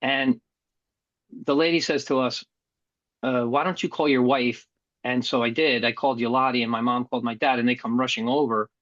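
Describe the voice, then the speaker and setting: A man's voice: medium pitch, steady tone, moderate pace, fairly bright tone, no echo, muffled recording. A middle-aged man telling a hard personal story as a guest, earnest and blunt, with some casual swearing. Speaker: podcast guest.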